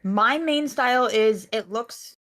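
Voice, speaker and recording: A woman's voice: a little high, slow pace, fairly bright tone. A woman chatting casually as a guest on a call, hesitant, with many fillers and false starts. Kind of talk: casual conversation.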